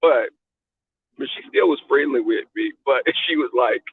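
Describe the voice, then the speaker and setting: A man with a Southern US accent telling a story in a car, animated, profane and sassy. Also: medium pitch, normal speed, breathy edge. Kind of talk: casual storytelling. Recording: tinny phone-like, dry sound.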